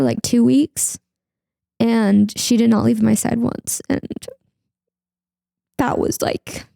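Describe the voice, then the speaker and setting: A woman's voice: a little high, steady tone, slow, creaky, pauses often, warm tone, dry recording, clean studio sound. A young woman speaking as a podcast guest, sharing a personal story candidly and acting out her own past words. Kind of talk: emotional personal interview.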